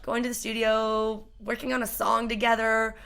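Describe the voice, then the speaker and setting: A woman guest on a casual podcast, telling a rambling story with lots of laughter and a foul mouth. Her voice is bright and forceful and sits a little high. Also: level tone, moderate pace, vocal fry, clean tone. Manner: laughing storyteller, swears freely. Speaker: guest, musician.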